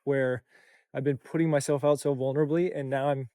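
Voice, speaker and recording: A man's voice: mid-range voice, fairly even intonation, a little fast, warm tone, clean tone, no echo, studio quality. A young man talking to camera in a casual vlog, tired, reflective, and full of loose run-on phrases. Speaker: content creator and coach.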